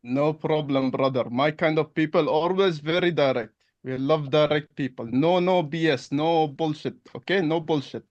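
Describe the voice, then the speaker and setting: Prospect role: man doing a blunt, repetitive accountant, a little high, slightly dull recording. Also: normal speed, dry recording, natural voice. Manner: blunt, repetitive, broken phrasing. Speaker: roleplay partner.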